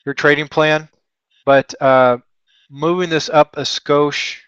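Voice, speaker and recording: A man's voice: fairly high pitch, fairly even intonation, takes it slowly, a bit bright, clear, resonant tone, dry recording, muffled recording. A man from Texas hosting a live trading lesson, thinking aloud in a chatty, joking and self-deprecating way with rambling asides. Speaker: trading webinar host.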